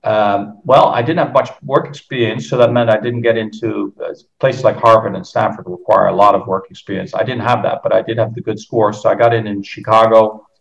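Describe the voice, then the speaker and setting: Speaking a little fast in a lowish, steady voice with vocal fry, this Dutchman barely pauses. He's in his fifties, works as a golf course architect, and rambles through a home podcast interview full of fillers and restarts, his accent tinged with American. The recording sounds muffled and lo-fi.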